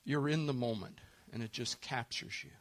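A man's voice: mid-range voice, moderate pace. A man preaching a sermon in an earnest way, often putting questions to his listeners. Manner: earnest, asks listeners questions, acts out quoted voices.

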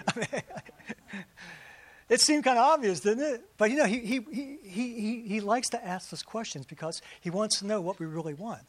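The preacher here has a high-pitched voice and a casual, chatty sermon style, tossing rhetorical questions and fast asides to the congregation. His audio is close and dry, with no echo and barely any sense of the room.

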